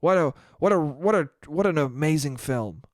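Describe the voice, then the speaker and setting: A man putting on the voice of a gentle, polite old man at the cinema, excited and friendly. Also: fairly high pitch, moderate pace, no echo, studio quality, close to an everyday voice. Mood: enthusiastic.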